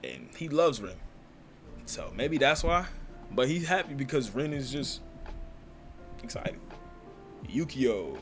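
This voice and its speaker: A man giving casual, slangy reaction commentary on a manga chapter, excitable and quick to laugh. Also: medium pitch, soft background music.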